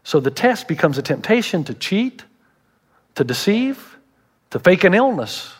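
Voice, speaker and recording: A man's voice: sits high, very animated, measured pace, slightly rough. A middle-aged man, a pastor preaching a sermon with humorous storytelling.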